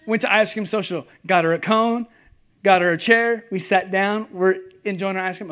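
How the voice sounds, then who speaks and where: A pastor with a notably high voice preaching to a live congregation. He tells stories with humor, dropping to a hush and then rising to loud bursts. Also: moderate pace. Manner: animated, humorous, swings between hushed and loud. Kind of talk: sermon with personal storytelling. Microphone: presentation with slides, live audience.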